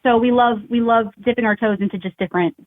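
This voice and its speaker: Upbeat female interview guest, slightly high pitch, frequent laughter, dry sound. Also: fast, no echo, phone-quality sound. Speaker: awards show founder, guest. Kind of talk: casual interview chat.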